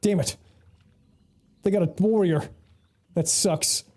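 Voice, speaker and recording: A man's voice: high-pitched, takes it slowly, a little mellow. A man giving casual, rambling gameplay commentary as a streamer, swearing freely and laughing often, with faint music behind him. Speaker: game streamer.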